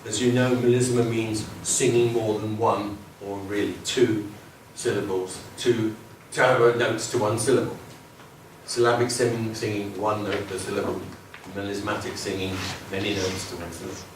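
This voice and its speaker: A man giving an academic lecture with musical examples, talking in a lively, digressive way, humming and counting beats. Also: lowish voice, normal speed, a little hiss or hum. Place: university lecture room. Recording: very echoey hall from far off, with music.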